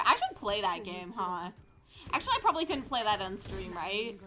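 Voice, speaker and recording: A woman from California streaming a game, chatting playfully and sarcastically, rambling and bursting out loudly at times. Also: mid-range voice, sing-song, moderate pace, faint music behind. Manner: playful, sarcastic, rambling chat with sudden loud outbursts. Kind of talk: live game stream chat.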